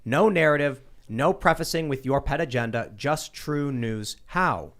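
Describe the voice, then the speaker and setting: A man's voice: on the high side, measured pace, fairly bright tone. A man hosting a casual talk show, reading viewer comments aloud with hesitant fillers. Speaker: show host.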